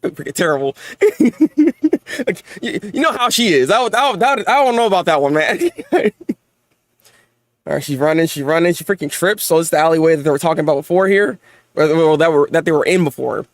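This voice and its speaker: An excitable young man reacting live to a manga chapter, his voice pitched high and swinging widely up and down. He trips over repeated words and breaks into laughter often. The sound is dry and close. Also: fairly quick, no echo.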